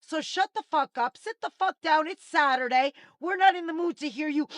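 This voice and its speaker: A woman's voice: sits high, animated, a little fast, few pauses, fairly bright tone, no room sound. A woman vlogger in an exasperated, mocking rant, swearing heavily at her critics. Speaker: commentary vlogger. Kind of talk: angry profane rant.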